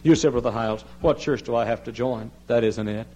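A man preaching a sermon as pastor of his church, swinging from soft pleading to loud shouted emphasis, telling stories and mimicking the people he quotes. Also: medium pitch, brisk, slight background noise. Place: church sanctuary.

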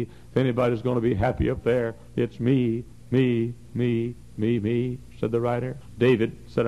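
A man in his forties preaching a fervent sermon in a church, his voice swinging from soft passages to loud, high bursts. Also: gravelly, poor audio. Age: 40s. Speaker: pastor. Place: church sanctuary.

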